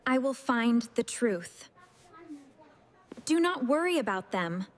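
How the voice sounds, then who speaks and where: A woman voicing a calm, fair-minded teacher who speaks slowly and reassuringly. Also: a little high. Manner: slow, gentle, reassuring. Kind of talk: slow storybook dialogue for learners.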